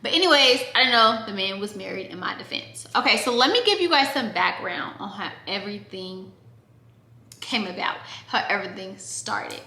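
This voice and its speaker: Bright, chatty young woman in echoey room. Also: medium pitch, normal speed. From Oregon, USA. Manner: chatty, animated, addresses viewers directly. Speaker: vlogger. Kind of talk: casual storytime.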